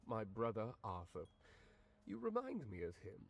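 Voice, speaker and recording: An actor playing a kind, wistful older man who misses his soldier brother, talking gently and slowly. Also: on the low side, huge pitch swings, gravelly, husky, muffled recording, heavily acted.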